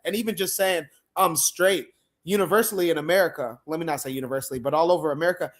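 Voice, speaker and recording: A man hosting a livestream panel chat, animated and laughing often, acting out quoted lines. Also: fairly high pitch, fast talker. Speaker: podcast host.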